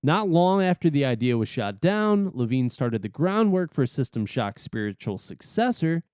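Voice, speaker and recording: A man's voice: fairly high pitch, big pitch swings, a little mellow, smooth, no room sound, studio quality. A man co-hosting a gaming podcast, reading game history from notes with easygoing banter. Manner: easygoing, quick to laugh and tease. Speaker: podcast co-host.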